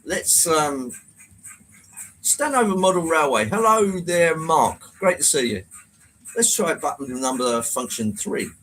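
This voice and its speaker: A chatty man hosts a casual live stream from his model railway room, reading out viewer comments and greeting people by name. His pitch rises and falls a lot as he talks, and he is quick to make fun of himself. A faint hiss of background noise sits under his voice. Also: animated, fairly bright tone, rough recording. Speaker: livestream host.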